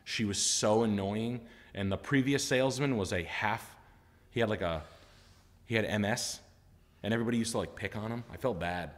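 A man telling a story in a casual, animated and rambling way, with lots of fillers and swearing. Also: fairly low pitch, normal speed. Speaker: storyteller recounting his car sales job. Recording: roomy reverb.

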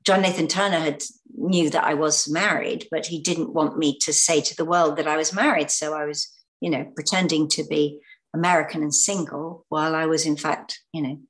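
A low-pitched English woman talks as an interview guest. She reminisces with hesitations and repeated words, often laughing. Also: steady tone, moderate pace. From Britain. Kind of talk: anecdotal interview talk.

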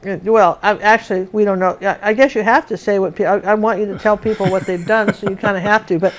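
A woman's voice: medium pitch, fairly even intonation, fast talker. A woman teaches a live painting class in a mid-range voice, chatting as she goes. She thinks aloud while she paints and talks straight to her viewers.

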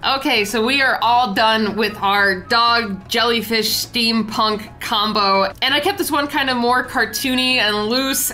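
A woman's voice: mid-range voice, bright, forceful tone, rough recording. A young woman host chatting casually over a recap of her drawing, bubbly and full of filler words. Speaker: artist and channel host.

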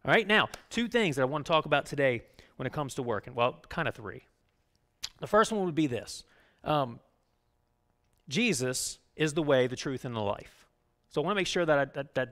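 A man preaching a sermon as pastor, talking conversationally and often checking in with "right?", moving between loud urging and quiet. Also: mid-range voice. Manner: conversational, keeps asking "right?".

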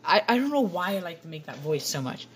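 A woman's voice: on the low side, very animated, fast talker, breathy edge. A woman giving playful, rambling commentary over gameplay to her viewers on a computer microphone. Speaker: gaming channel host.

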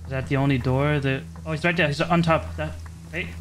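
A man giving casual, excitable commentary while playing a survival game, swearing and cutting himself off mid-word. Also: on the high side, fairly quick, slight background noise. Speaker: gaming streamer.

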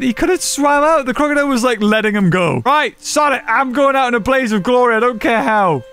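A man giving casual gameplay commentary, excitable and laughing often as he talks to other players. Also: very high-pitched, measured pace. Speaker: gaming channel host.

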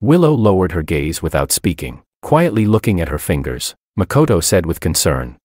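A man giving expressive, scripted first-person story narration into a close studio mic. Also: low-pitched, normal speed, few pauses, dry recording.

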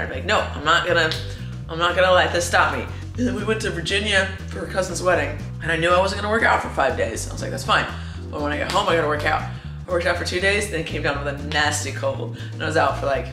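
A woman vlogging casually at home, chatty and self-mocking, a little short of breath from a cold. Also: low-pitched. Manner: chatty, self-mocking, acts out her own past thoughts. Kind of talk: casual vlog chat. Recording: echoey room with music behind.

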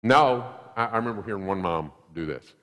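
Animated low-voiced male preacher. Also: fairly quick, in a large hall. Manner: animated, acts out quotes, emphatic repetition. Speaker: pastor. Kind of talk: sermon. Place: church sanctuary.

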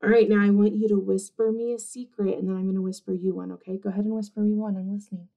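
A woman kindergarten teacher reading an interactive movement book aloud to young children, animated and encouraging in a sing-song voice. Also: medium pitch, fast, gravelly.

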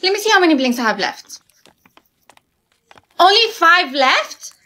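A woman's voice: very high voice, big pitch swings, measured pace, pushed and bright, heavily acted. Synthetic woman voicing a sassy teen girl. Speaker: teen girl lead in short skits. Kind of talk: text-to-speech skit voice.

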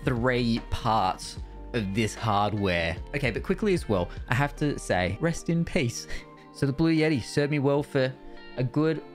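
Young Aussie streamer, casual and stoked, mid pitch, faint music under. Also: male voice, measured pace. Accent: Australian. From Australia. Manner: excited, casual, swears freely. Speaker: Twitch streamer. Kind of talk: casual gear review vlog. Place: home streaming room. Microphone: studio dynamic mic.

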